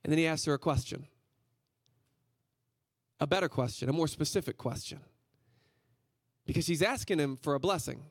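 A man giving a guest sermon in a casual, energetic, slangy storytelling way. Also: fairly high pitch, normal speed, gravelly, long pauses, no echo, clean studio sound. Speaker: guest preacher. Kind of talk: conversational sermon.

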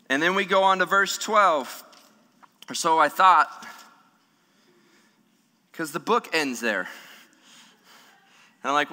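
A man preaching a sermon as pastor, animated and humorous, acting out the voices of people in the story. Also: a little high, a little slow, pauses often. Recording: long hall reverb.

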